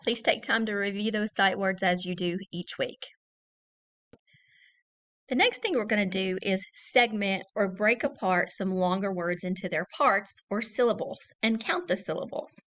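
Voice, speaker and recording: A woman teacher giving a recorded early-grade reading lesson, saying each word slowly and clearly and repeating it for young children. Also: mid-range voice, fairly bright tone.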